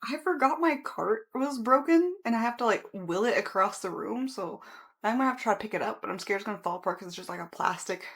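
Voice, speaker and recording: A woman's voice: fairly high pitch, animated, quick pace, fairly bright tone. A woman vlogging casually from a room at home, chatting in a rambling way and correcting herself as she goes. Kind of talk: casual vlog chat.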